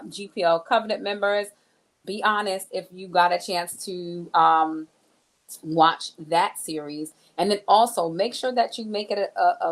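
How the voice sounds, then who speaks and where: Chatty woman co-hosting a church recap. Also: fairly low pitch. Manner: chatty, upbeat, addresses viewers directly with "right?" and "all right"; nerdy, enthusiastic about books. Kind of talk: casual church recap talk.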